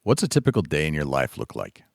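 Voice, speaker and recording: A man hosting a podcast interview, firing off quick questions and answering with short, soft acknowledgments. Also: rumbling low, huge pitch swings, gravelly, no echo, studio quality. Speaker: podcast host.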